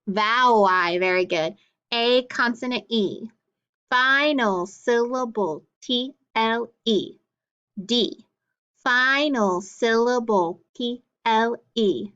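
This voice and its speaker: A woman teaching a phonics drill, slowly and clearly sounding out letters and blends, with frequent encouraging praise. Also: a little high, a bit bright, dull audio.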